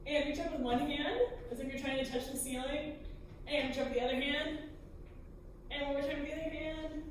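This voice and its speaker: Woman leading choir warm-ups in an echoey room. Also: sits high, steady tone, fairly quick, a little hiss or hum. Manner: encouraging, gives step-by-step physical cues. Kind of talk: vocal warm-up instruction. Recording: echoey room, distant mic, music.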